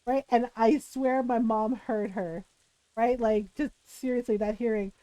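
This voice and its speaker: A woman's voice: a little high, fairly even intonation, a little slow, dark tone, no room sound, rough recording. A woman streamer casually telling a family story, chatty and full of "like" and swearing.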